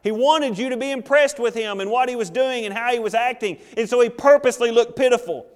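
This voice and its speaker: Man preaching a sermon, high voice, jokey storytelling, acted asides, long hall echo, church sanctuary. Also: fast talker. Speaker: pastor.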